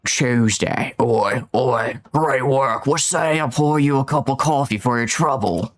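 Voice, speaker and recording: A man voicing a chirpy British young woman from a video game, with a put-on British accent and a bright, hospitable manner. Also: mid-range voice, measured pace, close to an everyday voice. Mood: cheery. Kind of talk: reading game dialogue aloud in a voice.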